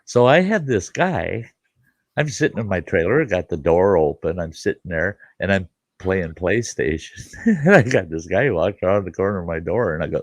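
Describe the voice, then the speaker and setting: Middle-aged guy spinning a campground yarn, low raspy voice, does the other guy's lines too. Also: animated, normal speed, no room sound. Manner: folksy, swears casually, acts out both sides of conversations. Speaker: campground host and show host. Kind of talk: casual storytelling chat.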